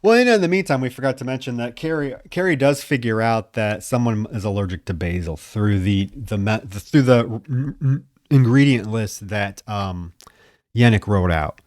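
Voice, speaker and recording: A man's voice: medium pitch, lively intonation, normal speed, a little mellow, dry recording, clean studio sound. A man co-hosting a film podcast who retells scenes by acting out the characters' lines. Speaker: podcast co-host. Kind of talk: casual film review chat.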